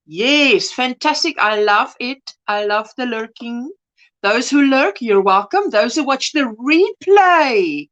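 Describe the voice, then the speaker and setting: A woman's voice: sits high, sing-song, measured pace, a bit bright. A middle-aged woman hosting a casual livestream from home, chatting and greeting viewers by name. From United States. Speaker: livestream host. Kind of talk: casual chat reading viewer comments. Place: home by an open window, breeze blowing.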